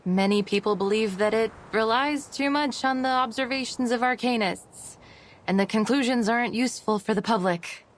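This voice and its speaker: A woman voicing a calm young woman arcanist scholar with a Russian accent, explaining in a measured, polite way. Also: fairly high pitch, lightly acted. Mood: composed. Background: game music.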